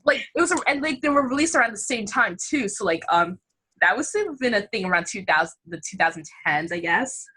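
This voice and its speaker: A young woman in casual chat with friends, excitable and rambling, with many fillers. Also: mid-range voice, fast talker, husky.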